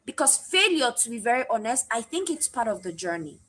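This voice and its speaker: A woman in a casual conversation who asks questions in an animated way, with many fillers. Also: on the high side, a little fast, a little hiss or hum. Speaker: co-host.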